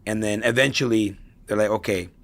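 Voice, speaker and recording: A middle-aged man talks as a guest in a relaxed interview, his voice rough with vocal fry and sitting at a medium pitch. He tells stories and checks in with the listener by asking "right?" after his points. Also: normal speed, slight background noise. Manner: storytelling, tags points with "right?". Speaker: interview guest, real estate investor. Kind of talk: casual conversational interview.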